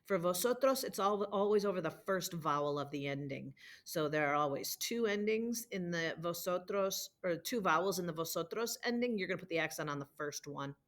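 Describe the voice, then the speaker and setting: A woman's voice: on the low side, lively intonation, brisk, hardly any pauses. A woman teacher walking students through homework and patiently drilling verb conjugations during a screen-shared lesson. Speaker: Spanish teacher. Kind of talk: recorded homework walkthrough.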